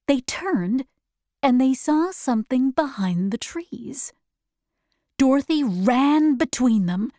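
A woman narrating a storybook in a slow, clear and careful reading for learners. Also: fairly high pitch, darkish tone, no echo, studio quality.

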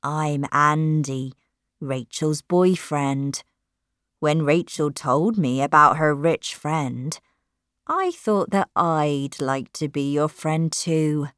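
Give me a woman playing a menacing adult man in a storybook, speaking low, slow and hushed with false gentleness. The recording is dry. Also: no echo. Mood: creepy.

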